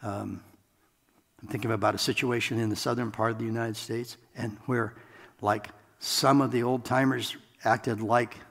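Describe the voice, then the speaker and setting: A man preaching a sermon in a relaxed, conversational way, with self-deprecating asides, in a church sanctuary. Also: medium pitch, vocal fry. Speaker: pastor. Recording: long hall reverb.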